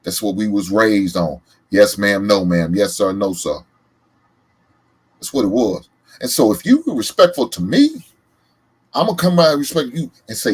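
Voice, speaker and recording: Animated husky Southern man. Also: on the low side, normal speed. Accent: Southern American. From American South. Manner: animated, emphatic, loud laughs. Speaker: reaction show host. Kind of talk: casual reaction commentary.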